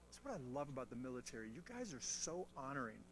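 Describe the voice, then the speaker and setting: Here the mentoring guest speaker talks fast in a medium-pitched voice. Addressing military listeners, he tells animated stories, pokes fun at himself, and teases the crowd with playful humor.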